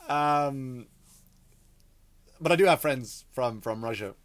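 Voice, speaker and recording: A man's voice: mid-range voice, expressive, moderate pace, dry recording. A man in his thirties with an Irish accent, telling a comic story as a podcast host, rambling and swearing, with many restarts. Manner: rambling, profane, frequent restarts and asides.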